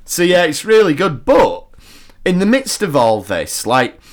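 A man's voice: on the high side, wildly swooping pitch, a little slow. Chatty man reviewing a show. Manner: chatty, laughs often, quotes lines from the show. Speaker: podcast co-host. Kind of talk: casual chat reviewing a TV episode.

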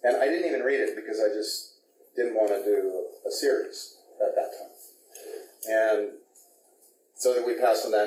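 A man's voice: fairly low pitch, warm tone. A male actor in an interview, animatedly telling a behind-the-scenes story and laughing often. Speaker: actor guest. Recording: roomy, distant mic, faint noise.

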